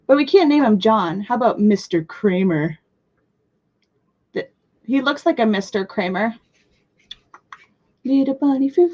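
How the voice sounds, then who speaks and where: On a crafting livestream, a woman in her twenties rambles loosely from one subject to the next, teasing herself and breaking into abrupt squeals. Her slightly high voice sounds muffled through the lo-fi audio, and her chatter stays scattered and casual.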